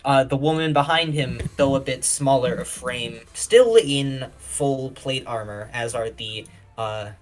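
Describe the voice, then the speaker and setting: A man narrating a tabletop game as game master, describing the scene in a steady, searching way with frequent restarts. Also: mid-range voice, low-quality recording.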